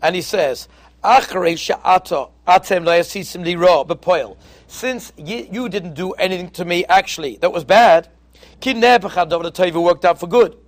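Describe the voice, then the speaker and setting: A man's voice: high-pitched, moderate pace. A man teaching a Torah class on the weekly portion, telling a story and weaving Hebrew phrases into his English.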